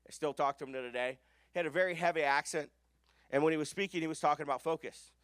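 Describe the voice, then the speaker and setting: Male business coach, high-pitched, emphatic seminar delivery, dry close sound. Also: fast talker, a bit bright, no echo. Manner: emphatic, asks the room questions. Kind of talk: live seminar talk. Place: conference room with an audience.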